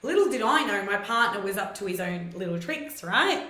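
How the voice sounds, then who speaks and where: A woman's voice: mid-range voice, expressive, moderate pace, pushed and bright, roomy sound, soft background music, low-quality recording. A woman hosting a live stream, telling personal stories in a casual, chatty way and greeting viewers by name.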